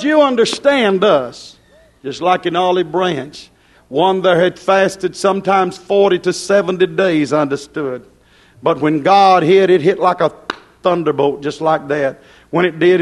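A middle-aged man preaching a fiery sermon of warning, repeating his points and swinging up and down in pitch. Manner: warning, repetitive, rises and drops in pitch.

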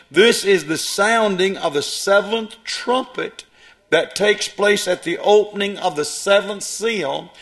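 A man's voice: high voice, a bit bright. A man preaching a sermon, reading long scripture passages aloud and then commenting on them with hesitations.

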